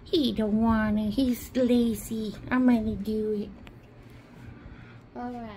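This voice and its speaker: A woman's voice: on the high side, fairly even intonation, takes it slowly, dark tone. A woman making a playful home video, cooing and sing-song as she plays pretend with toys and pets. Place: home, indoors. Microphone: phone camera. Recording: noisy home phone recording.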